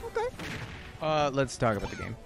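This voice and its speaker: Male tournament caster, lively, playful banter, music bed behind. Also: medium pitch, brisk, creaky. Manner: joking, pun-loving, bursts into mock whispered ASMR. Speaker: esports commentator. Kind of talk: casual tournament commentary.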